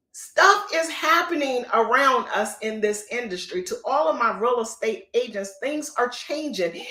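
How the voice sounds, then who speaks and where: A woman's voice: fairly high pitch, sharp tone. A middle-aged woman real estate coach giving an emphatic, preachy motivational talk on a live stream. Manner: emphatic, repetitive, preachy, folksy. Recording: echoey room.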